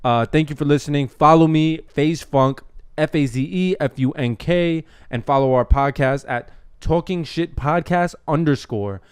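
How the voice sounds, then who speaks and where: Give me a joking young man hosting a podcast, slightly high voice. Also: moderate pace, clear, resonant tone, no echo, studio quality. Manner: joking, self-mocking. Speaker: podcast co-host. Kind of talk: casual chat.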